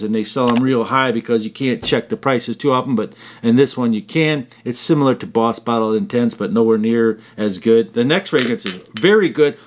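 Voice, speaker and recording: A man reviews fragrances in a chatty, conversational vlog and tells little stories along the way. His voice sits at an ordinary mid-range pitch for a man. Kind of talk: casual product review vlog.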